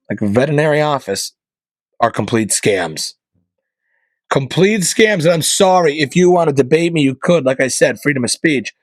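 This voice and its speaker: A man's voice: breathy edge, no echo, low-quality recording. Ranting male podcast host, dry sound. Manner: opinionated, emphatic, jumps between loud punchlines and low mutters. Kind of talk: comedic monologue rant.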